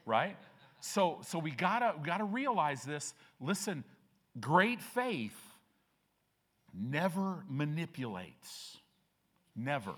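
A man's voice: sits high, very animated, takes it slowly, sharp tone. A middle-aged man preaching a sermon to his church as pastor, acting out people in the stories he tells.

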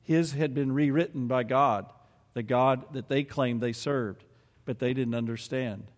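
A man's voice: medium pitch, measured pace, in a large hall. A man preaching a sermon and reading scripture aloud, earnest and building to emphatic peaks.

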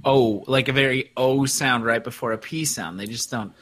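A man from Minnesota co-hosting a podcast, laid-back and quick to laugh in casual chat. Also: mid-range voice, a bit bright. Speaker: podcast co-host.

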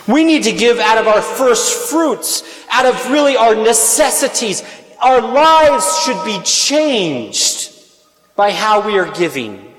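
A man preaching a sermon in earnest tones, rising to emphatic peaks on his key points. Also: sits high. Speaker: speaker on stewardship. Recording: echoey hall reverb.

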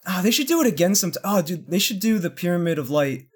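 Young guy kinda high voice, excited, stumbles over words, laughs a lot. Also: fast, slightly rough. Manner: excitable, stammering, laughs often. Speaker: podcast co-host. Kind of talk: casual podcast chat.

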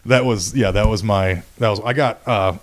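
A man's voice: on the low side, normal speed, background noise. A man from Michigan telling a wild story in casual podcast chat, swearing often and laughing as he goes. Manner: profane, laughing, animated storytelling.

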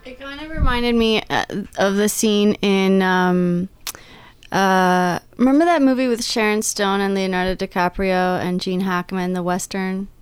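A woman's voice: mid-range voice, a little slow, clear, resonant tone, no room sound. A woman on a casual movie podcast, thoughtful and searching for words as she recalls a scene.

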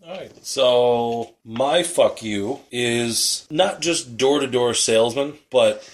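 A man's voice: mid-range voice, takes it slowly. Profane, exasperated podcast co-host man. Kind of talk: casual comedic rant.

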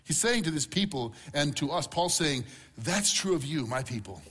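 A man's voice: a little high, lively intonation, normal speed, a bit bright, slightly rough. A middle-aged man preaching a sermon as pastor, earnest and repeating key words for emphasis.

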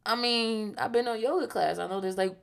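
A woman's voice: on the high side, a little fast, vocal fry, a crowd in the background. A woman, chatting playfully and animatedly as host. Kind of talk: casual chat.

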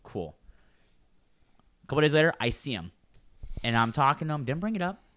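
A man with a fairly high voice speaks briskly in casual chat, telling a long work story. He's an animated storyteller who swears freely and acts out plenty of his coworkers' lines.

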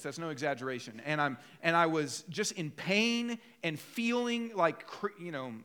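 A man preaching a sermon in a bright, ringing voice that sits high for a man. He tells stories with lively, acted-out quotes and a joking tone, pulling the congregation along. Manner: animated storytelling with acted-out quotes. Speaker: pastor.

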